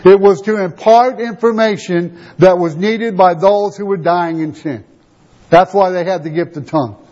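A male preacher delivers a sermon in a high voice, pressing his points with rhetorical questions he answers himself. The recording is dull and lo-fi. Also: normal speed, a little mellow. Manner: rhetorical questions, emphatic teaching.

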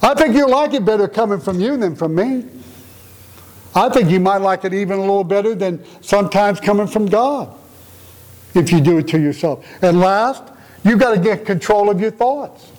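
A man's voice: high voice, normal speed, darkish tone, poor audio. A man preaching a conversational sermon in an earnest, emotional way, often asking rhetorical questions. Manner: emotional, tender-hearted delivery.

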